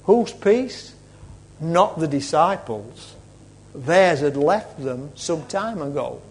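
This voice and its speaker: A male preacher retelling a story in a sermon, dramatic, swinging between loud and hushed. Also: a little high, expressive, slow.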